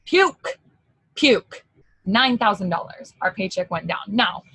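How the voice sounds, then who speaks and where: A woman leading a sales team, giving a casual, emotional pep talk full of "like" and excited asides. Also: mid-range voice, slow, slightly rough, no room sound, rough recording. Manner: casual, chatty, mild swearing.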